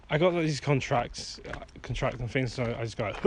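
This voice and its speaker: A man's voice: mid-range voice, a little slow, a little hiss or hum. A man talking frankly while walking outdoors at night, rambling and swearing freely as he gets heated. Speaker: vlogger and songwriter. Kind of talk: casual rambling monologue.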